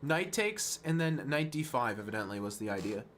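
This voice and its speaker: A man streaming chess, talking fast and self-mocking through move lines, dropping to quiet muttering when frustrated. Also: mid-range voice, sing-song, a little hiss or hum. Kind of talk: casual live-stream game commentary.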